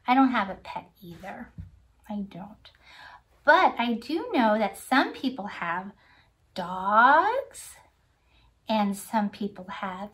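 A woman with a high voice teaches a children's church class at an unhurried pace. She sings simple songs, makes animal sounds and coaxes little ones to join in. Her delivery is sing-song and gentle. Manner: sing-song, coaxing, talks straight to young children. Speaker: children's Sunday school teacher. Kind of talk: children's lesson with sing-along.

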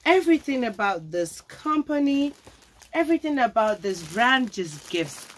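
A woman's voice: on the high side, measured pace, a little hiss or hum. Gushing woman vlogger unboxing a coat. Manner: gushing, excited, addresses viewers as honey; tags many phrases with okay. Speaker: fashion vlogger. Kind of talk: sponsored product review and unboxing.

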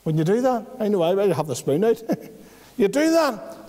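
Northern Irish man preaching, earnest and pleading, higher voice, long church reverb. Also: very animated, normal speed, warm tone. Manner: earnest, pleading, with homely everyday examples. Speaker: visiting preacher. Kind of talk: evangelistic church testimony preaching. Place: church hall.

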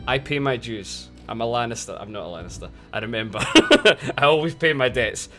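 A young man streaming a game, his voice bright and bouncing all over the place as he laughs and swears through casual chat. Faint music plays underneath. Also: medium pitch, lively intonation, moderate pace. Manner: laughs a lot, swears freely.

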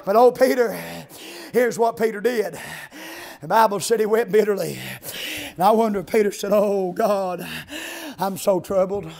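A man preaching an old-time revival sermon, chanting his lines with "uh" breaks, shouting amens and hallelujahs. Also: sits high, normal speed, pauses often.

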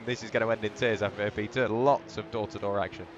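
A man calls a sim race in a steady, conversational way and keeps the play-by-play flowing. A clear noise bed runs under his voice. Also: lowish voice, a little fast, dull audio. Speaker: lead commentator. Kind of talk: sim racing commentary.

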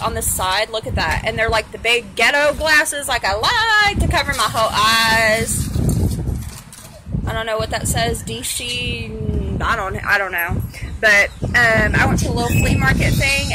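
A woman from Texas with a Texan accent, chatting frankly as she films a mukbang vlog on her phone. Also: a little high. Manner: chatty and frank, with mild cursing. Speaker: mukbang vlogger. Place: outdoors at a cafe table, windy. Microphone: phone camera. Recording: noisy outdoor phone recording.

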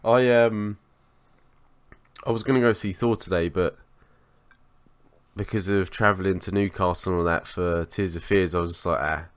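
A man's voice: deep voice, fairly even intonation, normal speed, pauses often. Sweary man telling a story. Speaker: podcast co-host. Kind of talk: casual chat, storytelling.

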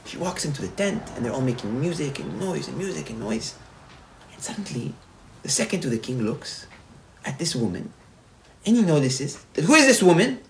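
Rabbi retelling a parable. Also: male voice, fairly high pitch, moderate pace, creaky, slight background noise, low-quality recording. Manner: animated retelling with repetitions. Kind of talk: sermon storytelling.

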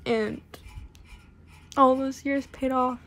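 Emotional young woman with a high voice. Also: steady tone, takes it slowly. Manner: emotional, laughing through tears, then shouting with joy. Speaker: best friend sending a video message. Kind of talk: personal video message.

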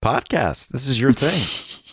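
A man's voice: mid-range voice, big pitch swings, takes it slowly, gravelly, a bit bright, breathy edge, no room sound, clean studio sound. A man in his thirties co-hosting a podcast in casual chat with his wife, teasing and playful. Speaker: podcast co-host. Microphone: studio mic with headphones.

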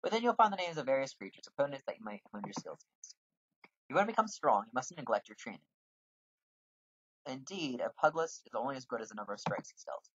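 A man's voice: medium pitch, big pitch swings, quick pace, fairly bright tone, husky, no echo, muffled recording. A man reading out a bossy male guildmaster from a role-playing game in a put-on lecturing voice.

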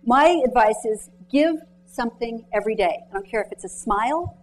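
A woman author giving a motivational talk to students and mentors in a lecture room, telling stories in a chatty, animated way and quizzing the audience directly. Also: a little high, normal speed, faint music behind, poor audio. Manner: chatty, animated storytelling with many "like"s.

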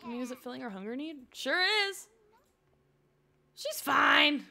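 On a live stream, a young woman talks through her gameplay in a high, creaky voice at a measured pace. Gushing and excitable, she frequently addresses the characters in the game.

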